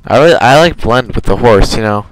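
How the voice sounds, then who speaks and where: A man's voice: medium pitch, lively intonation, fairly quick, rough recording. Give me a young man rambling through casual game commentary, often correcting himself. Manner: rambling, self-correcting, chatty. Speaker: gamer. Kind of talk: casual let's play commentary.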